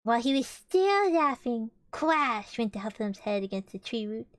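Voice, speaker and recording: A woman's voice: on the high side, very animated, normal speed, no echo, clean studio sound. A young woman streamer reading a storybook aloud with casual, chatty and giggly asides between passages.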